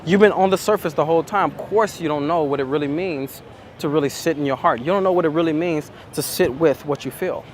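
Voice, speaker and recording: A man talking as a dating coach, slow and emphatic, repeating his points in a reflective monologue. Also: a little high, a little hiss or hum.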